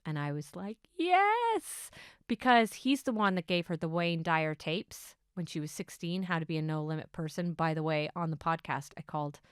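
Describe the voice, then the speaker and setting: A middle-aged woman hosts her own podcast, chatting through a personal story. Her voice sits on the low side and stays smooth and clear, recorded dry and close. She drops into quiet asides, then bursts into excited enthusiasm. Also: fairly quick, few pauses, no echo. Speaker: podcast host. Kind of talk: casual solo podcast storytelling.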